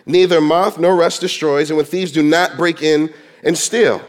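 A man's voice: a little high, steady tone, normal speed. A man preaching a sermon to his congregation, emphatic and quoting scripture in dramatic voices. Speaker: pastor.

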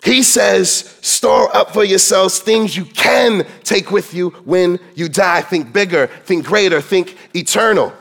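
A man with a notably high voice preaches a sermon. He leans into his points with emphasis. Now and then he slips into dramatic voices to quote scripture. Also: slow, gravelly, few pauses, fairly bright tone. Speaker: pastor.

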